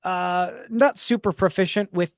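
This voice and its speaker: This podcast host has a high-pitched, steady voice and an unhurried delivery, recorded with studio quality and no room sound. In a casual chat, he shares reflective stories, frequently starting his sentences over.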